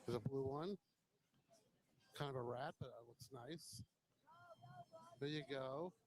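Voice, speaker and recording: A man's voice: medium pitch, slow pace, darkish tone, a little hiss or hum, rough recording. A man hosting a motorcycle vlog, walking around a bike show with a handheld camera and giving casual, admiring commentary on each bike, now and then swearing bluntly. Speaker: motovlog host.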